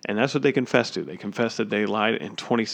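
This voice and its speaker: A man's voice: on the low side, fast talker, gravelly. Indignant man ranting about sports. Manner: indignant, emphatic, repeats himself. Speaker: sports commentator. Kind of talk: opinionated sports rant.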